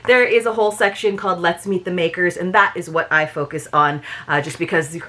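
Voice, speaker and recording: A woman's voice: on the low side, steady tone, a little fast, sharp tone. A woman reviewing a subscription box in a casual, chatty unboxing, with many small asides.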